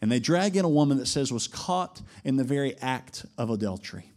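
A man preaching a sermon to his congregation in an animated way, climbing to emphatic peaks and slowing down for quoted lines. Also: medium pitch. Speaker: pastor.

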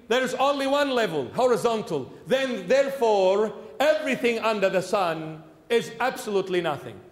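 A man, a bishop, preaching a sermon with emphatic repetition that swings between loud and soft. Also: sits high, echoey room, big-room sound. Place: church.

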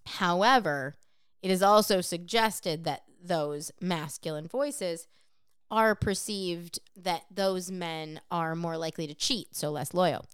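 A woman talking casually on a podcast, blunt and freely swearing as she lays out her point at length. Her voice is smooth and resonant, and the sound is close and dry with no room echo. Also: fairly low pitch. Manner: frank and profane, explaining at length. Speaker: podcast co-host. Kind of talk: casual chat.

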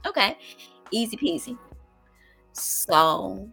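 Animated woman with a gravelly, bright voice. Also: mid-range voice, slow pace, dry recording, faint music behind. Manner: animated, with loud exclamations and laughs; colloquial, addresses viewers as y'all. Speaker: vlogger. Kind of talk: casual storytelling to viewers.

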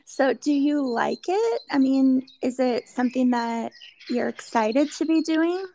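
Brief: American woman host, slow careful delivery for learners, fairly high voice. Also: animated, creaky, dark tone, slight background noise. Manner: slow and deliberate, friendly with frequent ums. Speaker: podcast host. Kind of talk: slow, clear interview for English learners.

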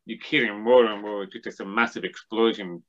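A man's voice: fairly low pitch, fairly even intonation, normal speed, fairly bright tone, muffled recording. A man as an interview guest, explaining ideas in a discursive, lecturing way with frequent restarts. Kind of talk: thoughtful academic discussion.

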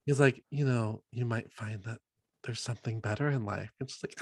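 A man co-hosting a podcast in casual chat, animated and swearing, often quoting himself in high mock voices. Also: moderate pace, dry recording, studio quality. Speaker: podcast co-host.

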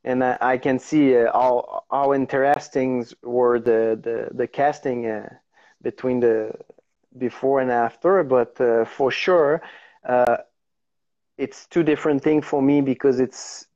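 A man who speaks French natively, talking in English with a Quebec French accent, haltingly searching for words as a guest in a casual interview over a video call. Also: medium pitch, steady tone, a little mellow, dull audio. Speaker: actor guest.

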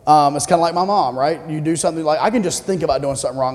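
A man's voice: on the high side, very fast, few pauses, darkish tone. Man preaching in a reverberant hall. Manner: conversational preaching with audience questions. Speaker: pastor. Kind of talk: sermon.

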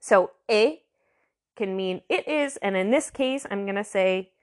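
A woman giving a casual language lesson, chatty, sounding out words slowly and repeating them. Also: medium pitch, expressive. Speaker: language teacher.

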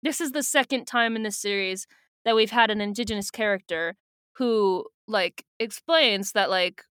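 Chatty bright-voiced woman podcaster. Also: mid-range voice, normal speed, smooth, dry recording, studio quality. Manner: chatty and giggly, many fillers. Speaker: podcast co-host. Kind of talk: casual chat recapping a book.

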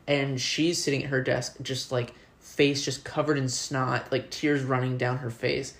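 A man's voice: medium pitch, level tone, measured pace. A man, a teacher abroad, chatting casually and telling a story with lots of "like" fillers. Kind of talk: casual conversation.

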